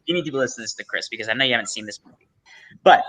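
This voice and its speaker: Man cohosting a chat, bright clear voice, wanders a bit while he thinks out loud. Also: mid-range voice, animated, very fast. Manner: rambling, reflective, with fillers and self-corrections. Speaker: co-host. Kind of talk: casual panel chat.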